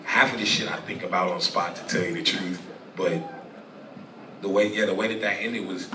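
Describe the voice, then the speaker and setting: A young man telling a personal story as a guest in a live interview, rambling and profane with halting restarts. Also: sits low, steady tone, background noise. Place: live venue stage. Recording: echoey room, distant mic, audience ambience.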